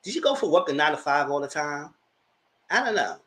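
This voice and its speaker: Sassy animated man reviewing reality TV. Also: on the high side, brisk. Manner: animated, sassy, slangy, acts out the cast's lines. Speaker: TV reality show commentator. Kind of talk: live TV review chat.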